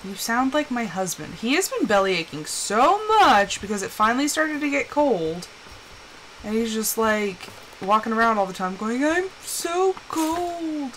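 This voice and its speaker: A young woman chatting casually while playing a game on a live stream, telling animated stories and putting on quick quoted voices. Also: a little high, a little hiss or hum, rough recording.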